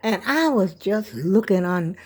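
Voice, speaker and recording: A woman's voice: mid-range voice, animated, a little slow, a little mellow, breathy edge. Older woman, rambling vlog chat, talks to viewers as y'all, trails off, phone camera at home. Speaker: vlogger. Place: at home, indoors. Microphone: handheld phone camera.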